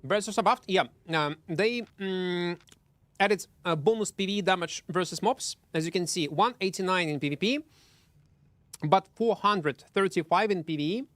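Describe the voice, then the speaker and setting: Male game streamer, chatty and excitable, stumbling and repeating himself. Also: high-pitched, moderate pace, no room sound. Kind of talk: live gameplay commentary chatting with viewers.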